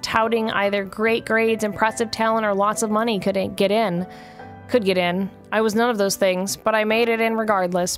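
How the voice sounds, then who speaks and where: A young woman hosting a casual game video, joking around playfully and reading game text aloud. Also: medium pitch. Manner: giggly, playful. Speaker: host. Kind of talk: casual let's-play chat and reading a visual novel aloud.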